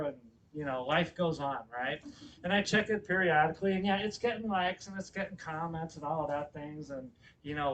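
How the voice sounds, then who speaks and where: A man about fifty telling a personal story in a sermon, animated, swinging between loud exclamations and quiet asides. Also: a little high, far from the mic, a little hiss or hum, rough recording. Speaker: guest speaker at a spiritual center. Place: church hall.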